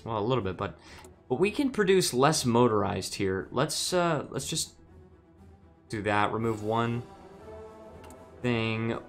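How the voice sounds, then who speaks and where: A man's voice: mid-range voice, animated, a little slow, long pauses, faint music behind. A man streaming a strategy game, musing aloud with hesitant restarts while reading chat messages.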